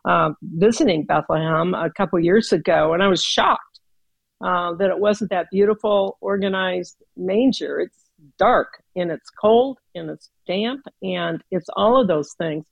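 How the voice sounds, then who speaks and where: A woman giving a reflective, earnest devotional talk in a conversational way, with pauses and fillers. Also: lowish voice, gravelly, no echo, dull audio. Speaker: speaker sharing a Christmas reflection.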